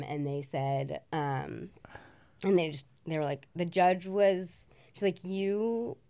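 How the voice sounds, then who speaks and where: A woman's voice: sits low, a little mellow. A woman telling her story as a podcast guest, chatty and rambling with lots of fillers. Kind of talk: casual storytelling.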